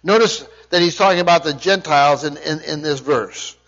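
A man's voice: a little high, moderate pace, a bit bright, dull audio. A man preaching a verse-by-verse Bible lesson who explains each point and puts questions to his listeners. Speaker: Bible teacher. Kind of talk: verse-by-verse sermon teaching.

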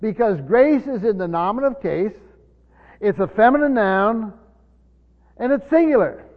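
Guy preaching bible study, high voice, keeps repeating himself, echoey hall, muffled recording. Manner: teacherly, repeats words, drops low for scripture. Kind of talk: bible teaching sermon. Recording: dull recording in a long-reverb hall.

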